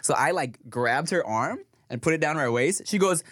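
A man co-hosting a podcast in casual chat, telling animated stories, swearing freely and laughing often. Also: on the high side, normal speed, dry recording, clean studio sound. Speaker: podcast co-host.

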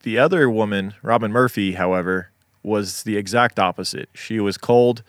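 Male true crime co-host, lower voice, dry close sound, easygoing storyteller. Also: normal speed, no echo. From Las Vegas. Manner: laid-back, swears casually, tells the case story. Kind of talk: casual chat and case narration.

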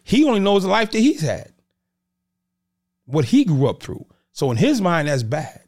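A man from the Boston area talks as a podcast guest in an easy, conversational way. His voice sits slightly high and moves through a wide, lively range. He often slips into the voices of the people in his stories. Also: moderate pace. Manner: animated, acts out quotes of others. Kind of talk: casual conversation, storytelling.

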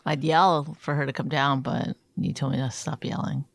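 A middle-aged woman co-hosting a podcast, sardonic and self-mocking with quick comebacks to her husband. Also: low-pitched, level tone, vocal fry, slight background noise. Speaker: podcast co-host. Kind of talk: casual banter with her husband.

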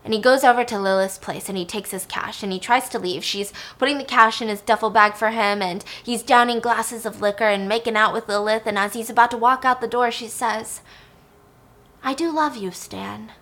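A woman recapping a film in a chatty, animated way, swearing now and then. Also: fairly high pitch, fairly quick, few pauses.

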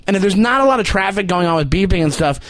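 A man, co-hosting a podcast and telling animated stories with acted-out quotes. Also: sits high, fast, dry recording. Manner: animated storyteller, acts out quotes. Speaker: podcast co-host. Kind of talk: casual chat.

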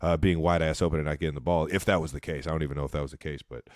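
A man's voice: extremely low pitch, fairly even intonation, very fast, no echo, studio quality. A man from Ohio co-hosting a podcast in a laid-back, casual way. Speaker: podcast co-host. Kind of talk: casual chat.

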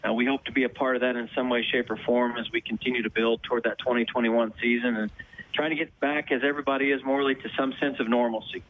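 A man who runs a football club, interviewed on the radio, answering in measured corporate phrasing. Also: mid-range voice, steady tone. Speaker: football club president, phone guest. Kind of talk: radio interview over the phone. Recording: tinny phone line.

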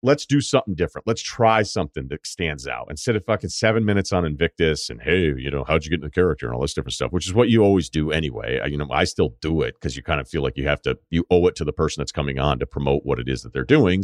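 A man's voice: extremely low pitch, no echo, clean studio sound. A man hosting a podcast, telling a rambling, profane anecdote in a casual storytelling way. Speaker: podcast host.

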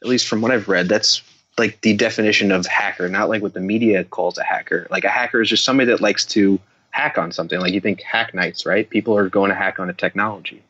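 A man's voice: on the low side, fairly even intonation, fast talker, sharp tone, husky, highs cut off. A man on a video call, chatting casually about his work, rambling and self-deprecating. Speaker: guest security developer. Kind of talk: casual podcast discussion.

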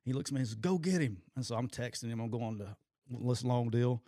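A man's voice: mid-range voice, fast talker, no room sound, clean studio sound. A middle-aged man and former football coach telling stories in casual sports talk, laughing often and acting out what others said in raised voices. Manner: animated storytelling, quoting people in raised voices, laughs often.

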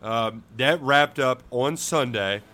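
Male co-host at home, mid-range voice, rushed and filler-heavy casual sports talk. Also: medium pitch, pushed and bright. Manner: hurried, halting, many fillers. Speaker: podcast co-host. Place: his home.

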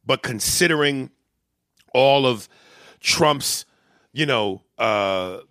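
A man's voice: medium pitch, very slow, no room sound, studio quality. A man arguing politics in a heated, profane way, often retelling and acting out what others said. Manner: heated, profane, animated storytelling. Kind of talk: casual political debate.

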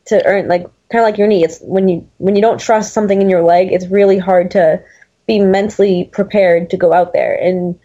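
Mellow-voiced woman, muffled sports chat. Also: medium pitch, fairly even intonation, a little fast. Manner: talkative, restarts often. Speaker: podcast co-host.

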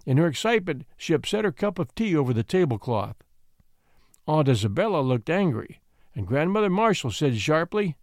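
A man narrating a classic storybook in an expressive, gently measured way. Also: a little high, no echo, studio quality.

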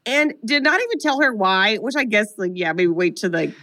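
A woman co-hosting a podcast, retelling a film plot in a casual comedic way, animated and profane with lots of "like". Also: medium pitch, normal speed. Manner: animated, profane storytelling full of "like". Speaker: podcast co-host.

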